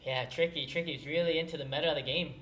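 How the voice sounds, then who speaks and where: Male stream host, bright and pushy tone, muses aloud as he plays; echoey room. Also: on the high side, fairly even intonation, fast, faint music behind. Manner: curious, thinks aloud while playing. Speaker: livestream host. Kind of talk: casual gameplay chat. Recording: roomy echo.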